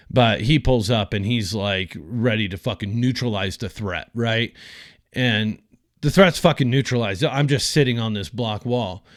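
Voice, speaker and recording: A man's voice: medium pitch, dry recording, clean studio sound. A man hosting a podcast, telling a personal story in a casual, rambling, profane way with lots of fillers. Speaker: podcast host.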